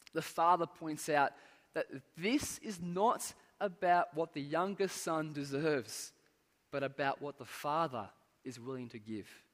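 A man preaching a sermon, earnest and measured, pressing words for emphasis and letting phrase endings fall away. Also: on the high side, fairly bright tone. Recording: long hall reverb.

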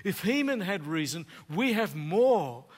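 A man preaching a sermon, earnest, with dramatic pauses that swing from loud to hushed. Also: high-pitched, sing-song. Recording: long hall reverb.

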